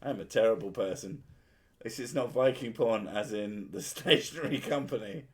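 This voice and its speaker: This streamer has a lowish male voice and talks at a moderate pace. His casual chat is crude and profane, peppered with jokes and plenty of laughing.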